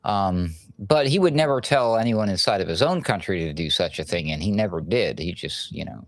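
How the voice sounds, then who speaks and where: A man hosts a news commentary show in a low voice that rises and falls in lively swings. He drops dry, sarcastic quips. The sound is dry and close, with no room echo. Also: a little fast. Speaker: host.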